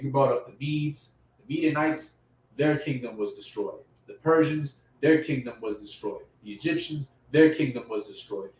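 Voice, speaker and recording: A man preaching a sermon in casual slang, growing impassioned and loud at his emphatic peaks. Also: a little high. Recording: echoey room from far off.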